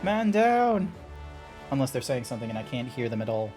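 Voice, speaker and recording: A man streaming a game and chatting with friends in easygoing, rambling talk. He swears casually and laughs easily, and his voice sits at an ordinary middle pitch. Faint music plays underneath. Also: little pitch movement, racing. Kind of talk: casual chat while gaming.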